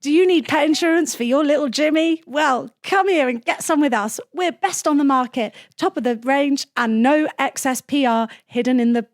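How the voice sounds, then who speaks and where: A bright, over-eager advert announcer pushes pet insurance in a chirpy hard sell, as a woman puts her on. The voice sits a little high and lifts above her own. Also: moderate pace, hardly any pauses, no echo, studio quality, natural voice. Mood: cheesy salesy. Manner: chirpy hard-sell pitch with giggly breaks.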